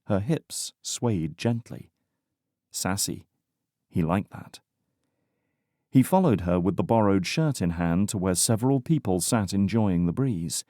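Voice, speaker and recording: A man narrating a romantic suspense audiobook in a measured, even way. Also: low voice, no room sound, studio quality. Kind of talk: scripted narration.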